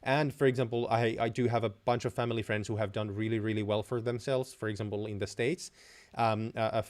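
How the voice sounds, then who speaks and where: A man's voice: on the low side, steady tone, a little fast, a little mellow. A young man from Finland hosting a live stream and answering viewer questions in a chatty way, with many restarts and fillers.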